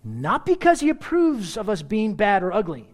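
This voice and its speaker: Animated man preaching a sermon. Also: high voice, moderate pace. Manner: animated storyteller, conversational asides, frequent throat-clearing. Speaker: pastor. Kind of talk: sermon with personal stories.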